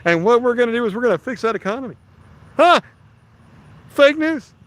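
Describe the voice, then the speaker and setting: A blustering loud politician. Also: male voice, very high-pitched, animated, fairly quick, no echo, voice pushed up. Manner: bombastic, shouty, repetitive. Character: blustering male politician impression, loud and boastful.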